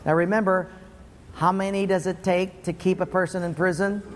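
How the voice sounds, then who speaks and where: A man's voice: high voice, flat delivery, normal speed, big-room sound. A man preaching a sermon, telling stories in a punchy, playful way. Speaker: pastor.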